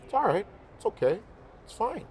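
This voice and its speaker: A man's voice: sits high, moderate pace, slight background noise. A man who sings professionally, speaking as a guest in a casual interview chat, emphatic and heartfelt, repeating himself for stress. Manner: emphatic, animated storytelling.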